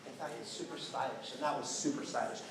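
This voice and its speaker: A man coaching a choir in rehearsal, lively and playful, encouraging the singers. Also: mid-range voice, fast talker. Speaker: choir clinician. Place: large school auditorium. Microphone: distant room mic. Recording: echoey hall, distant mic, noisy.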